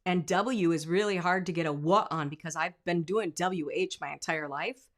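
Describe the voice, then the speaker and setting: Upbeat woman teaching singing. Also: medium pitch. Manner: demonstrative, sings example lines; drops to asides and quiet comments. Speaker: vocal coach. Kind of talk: singing lesson.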